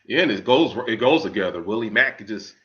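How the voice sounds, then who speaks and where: Male host, casual and chatty, crisp bright tone, stumbling repeats. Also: on the low side, animated, fairly quick. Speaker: interview host. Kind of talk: casual interview chat. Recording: dull lo-fi audio.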